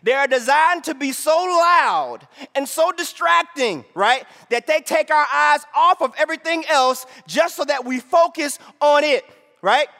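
A male pastor preaches in a very high, bright voice, pulling the congregation in with repeated "right?" calls. He swings between shouted lines and quieter asides. Long reverb from a large hall trails every phrase. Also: measured pace, creaky. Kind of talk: sermon.

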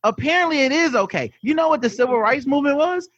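Male co-host, high voice, emphatic, argumentative, dull lo-fi mic. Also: expressive, quick pace, a bit bright. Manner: emphatic, argumentative, swears freely. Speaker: podcast co-host. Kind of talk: casual political chat.

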